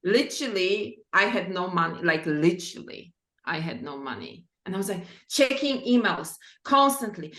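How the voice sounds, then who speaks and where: A woman's voice: lowish voice, expressive, moderate pace, bright, forceful tone, roomy sound. A woman guest on a podcast, telling anecdotes earnestly in slightly non-native phrasing. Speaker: guest, author and practitioner. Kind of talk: casual conversation, storytelling.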